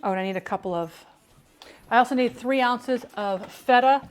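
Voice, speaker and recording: A woman's voice: fairly high pitch, moderate pace, a little hiss or hum. A woman chatting casually while she cooks, rambling and interrupting herself, from the United States. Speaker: home cook and streamer. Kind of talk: casual cooking chat.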